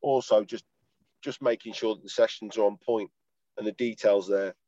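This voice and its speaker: A man's voice: on the low side, fairly even intonation, moderate pace, mellow, no echo. A man, a former footballer chatting as a podcast guest, rambling, laughing and swearing as he talks from his parked car over a call. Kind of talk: casual chat over a call. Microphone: video call. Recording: dull lo-fi call audio.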